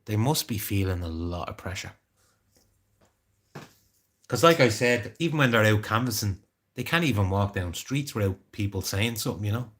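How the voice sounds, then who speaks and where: A man's voice: fairly low pitch, animated, normal speed, long pauses, fairly bright tone. An Irish man chatting casually on a live stream, rambling and greeting viewers by name. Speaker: livestreamer.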